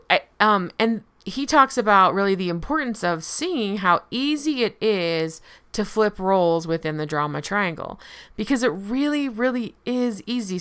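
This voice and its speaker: A woman's voice: fairly low pitch, fairly bright tone, smooth. A woman giving a casual spoken lesson, explaining in a conversational way and checking in with "right?" as she goes.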